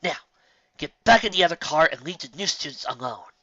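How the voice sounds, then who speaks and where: A man's voice: a little high, expressive, a little fast, sharp tone, no echo, muffled recording, pitched above the performer's own voice. A man voicing a stern older mare pony in an audiobook reading, cold and commanding.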